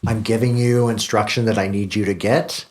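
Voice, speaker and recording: A man's voice: on the low side, fairly even intonation, moderate pace, a little hiss or hum. A middle-aged man, a podcast host, talking in a casual, heartfelt conversation, candid and self-deprecating and swearing freely.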